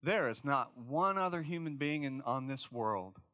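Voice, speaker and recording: A man's voice: mid-range voice, animated, unhurried, bright, forceful tone, no room sound. A man voicing a blunt old Southern granny. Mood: tender. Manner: frank, insistent. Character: blunt elderly Southern grandmother, proud, candid.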